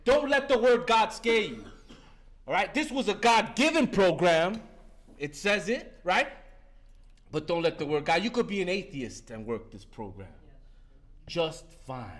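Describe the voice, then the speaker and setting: A man's voice: high-pitched, big pitch swings, a little slow, pauses often. A man in his fifties giving a fervent, profane share at a recovery meeting, talking street-style and breaking in with "listen" again and again. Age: 50s.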